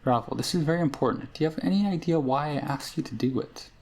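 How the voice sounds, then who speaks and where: A man reading aloud the lines of a game's immortal, memory-less male hero, in a gravelly voice. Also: fairly high pitch, fast, darkish tone. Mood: probing. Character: immortal amnesiac man, the game's protagonist, questioning. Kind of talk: reading game dialogue aloud.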